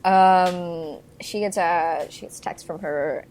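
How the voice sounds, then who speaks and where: With a lowish, darkish voice and fairly even intonation, this young podcast co-host talks slowly about a movie over a faint hiss or hum. Her plot recap is relaxed and chatty, heavy on fillers like "like" and "um," and she laughs a lot.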